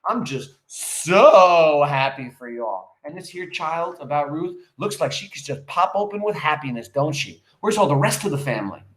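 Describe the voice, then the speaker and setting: A man's voice: fairly high pitch, animated, normal speed, hardly any pauses, fairly bright tone. A man reading the lines of a gossipy, sarcastic older woman neighbor in a sugary, insinuating tone, in an echoey room. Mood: gushing.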